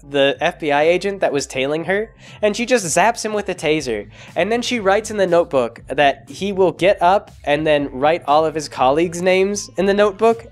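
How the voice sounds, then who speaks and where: Rambling man with a high voice. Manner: rambling, jokey, many fillers. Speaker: vlogger. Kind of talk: comedic movie recap.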